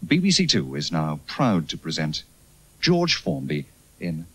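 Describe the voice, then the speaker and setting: A deep, husky announcer delivers a solemn, formal broadcast notice. His intonation rises and falls widely, giving it a grave theatrical weight. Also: huge pitch swings, measured pace, fairly bright tone. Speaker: continuity announcer.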